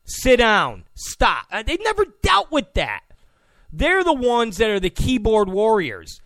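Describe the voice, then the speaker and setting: A man's voice: high voice, wildly swooping pitch, measured pace, fairly bright tone, dry recording, clean studio sound. A male political commentator giving an opinion monologue in a mocking way, often acting out the people he quotes. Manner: mocking, acts out quoted people in put-on voices.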